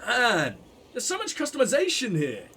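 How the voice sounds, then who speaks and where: A man giving casual gameplay commentary, reacting out loud and swearing freely as he thinks aloud. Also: very high voice, huge pitch swings, normal speed, breathy edge. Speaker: let's play commentator.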